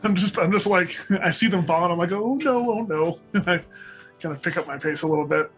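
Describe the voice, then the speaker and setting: A man's voice: high-pitched, fast, fairly bright tone, faint music behind. A man playing a character in a tabletop game, chatty and playful, laughing often. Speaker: player.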